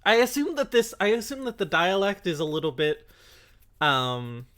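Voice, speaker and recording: A woman chatting casually as a stream co-commentator, animated and jokey, swearing freely. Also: medium pitch, moderate pace. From grew up in a Spanish-speaking household. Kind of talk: casual chat. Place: lives in Toronto.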